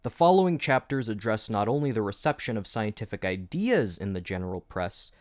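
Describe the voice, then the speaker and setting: A man's voice: fairly low pitch, very animated, fairly quick, darkish tone, dry recording, studio quality. A man hosting an educational video essay, explaining history with wry, jokey asides. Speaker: educational YouTube host.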